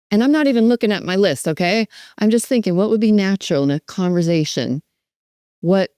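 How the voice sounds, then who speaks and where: A woman dementia care educator teaching in an animated, emphatic way, with role-play demonstrations. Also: on the low side, brisk, smooth, no echo, clean studio sound.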